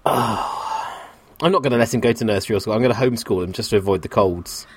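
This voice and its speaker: A man's voice: lowish voice, fast, breathy edge. Man with a head cold. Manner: self-mocking, playful banter. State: has a cold. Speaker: podcast co-host. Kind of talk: casual chat.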